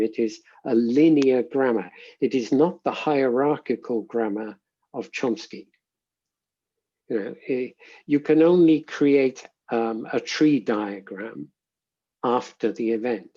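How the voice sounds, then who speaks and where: Mellow husky male professor, reflective. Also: medium pitch, dull audio. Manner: measured, reflective, often pausing to rephrase. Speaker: interviewed linguistics professor. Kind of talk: thoughtful interview answers.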